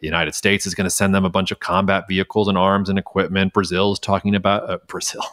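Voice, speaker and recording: A man's voice: low-pitched, little pitch movement, quick pace, fairly bright tone, no room sound, clean studio sound. A man co-hosting a casual podcast, hedging and thinking aloud with frequent restarts. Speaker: podcast co-host.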